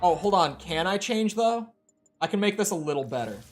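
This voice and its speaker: A chatty male streamer giving casual commentary while he plays, swearing now and then. His voice sits a bit high, with faint game music under it. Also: big pitch swings, brisk.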